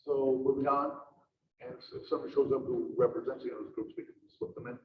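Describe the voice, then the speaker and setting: A man chairing a school board meeting, giving formal remarks in a halting way with many fillers and repeated words. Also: mid-range voice, fairly even intonation. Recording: distant, muffled, roomy with noise.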